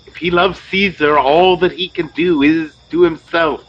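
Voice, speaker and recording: A man playing a noble, brooding Roman conspirator in an audio drama, speaking slowly and deliberately. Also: medium pitch, steady tone, breathy edge. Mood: grave. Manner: slow, deliberate. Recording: dull lo-fi sound.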